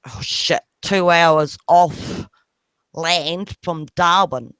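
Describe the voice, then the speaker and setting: A man's voice: a little high, very slow, a bit bright, clear, resonant tone, dry recording, clean studio sound. A man rambling a story in a casual group voice chat, swearing freely and apologizing. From New Zealand.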